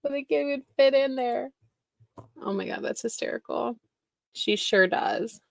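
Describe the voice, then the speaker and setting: A woman's voice: fairly high pitch, normal speed, creaky, no echo. A woman hosting a reaction stream, commenting sarcastically on clips with frequent laughter and insults.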